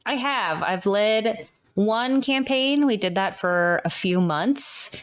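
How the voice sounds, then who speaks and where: A woman in her twenties being interviewed on a podcast, answering in a relaxed, candid way. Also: medium pitch, slow, smooth. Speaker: interview guest. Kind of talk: casual interview.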